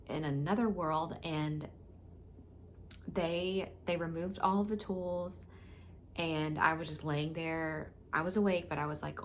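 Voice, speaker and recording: A woman vlogger speaks straight to her audience in a candid, unguarded way, with many fillers and restarts. Her voice sits on the low side. A faint background noise runs under it. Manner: candid, frank and emotional, with filler words. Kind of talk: casual personal storytelling to camera.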